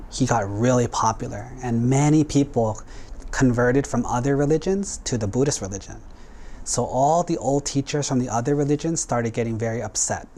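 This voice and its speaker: A man's voice: mid-range voice, darkish tone. A male Buddhist monk telling a story in a sermon, in a casual, conversational way with acted-out quotes.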